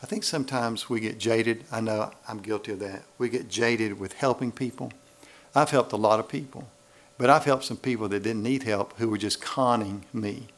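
A man's voice: on the low side, moderate pace. A man preaching a sermon in a church, acting out little voices to make his points. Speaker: pastor.

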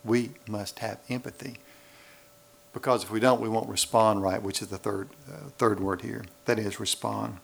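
A man's voice: lowish voice, steady tone, normal speed, creaky, a bit bright, slightly rough. A man preaching a sermon in a church, acting out little voices to make his points. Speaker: pastor.

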